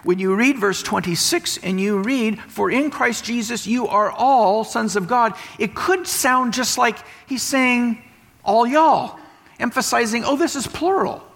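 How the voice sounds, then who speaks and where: Preacher. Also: male voice, extremely high pitch, unhurried, creaky, few pauses, a bit bright. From West Texas. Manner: explanatory, emphatic teaching with repetition. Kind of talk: sermon. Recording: long hall reverb.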